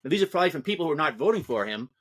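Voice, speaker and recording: A male interview guest who talks quickly and keeps things lively. He moves through political history in a discursive, storytelling way, in a casual conversational tone. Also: a little high.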